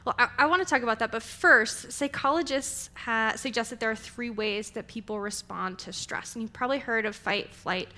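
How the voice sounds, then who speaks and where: Bright-voiced young woman preaching. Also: fairly high pitch, normal speed, hardly any pauses. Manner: conversational storytelling, animated. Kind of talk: sermon.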